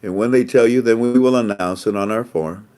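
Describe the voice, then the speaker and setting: A man's voice: lowish voice, a little fast, a little mellow, clear, resonant tone. Rambling, chuckling man talking casually. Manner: rambling, repeats phrases, laughs often. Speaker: host. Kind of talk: casual monologue.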